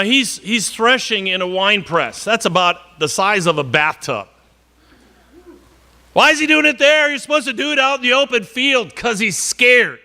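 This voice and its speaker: High, bright-voiced male preacher. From northern Wisconsin. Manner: conversational, earnest, with repeated words and joking asides. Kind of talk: sermon.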